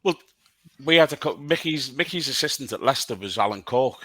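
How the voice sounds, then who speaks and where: Sweary ex-player telling stories. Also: male voice, mid-range voice, animated, fairly quick, a bit bright, slightly rough, dry recording. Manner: swearing, rambling anecdotes. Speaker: podcast co-host, former player. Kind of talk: casual chat.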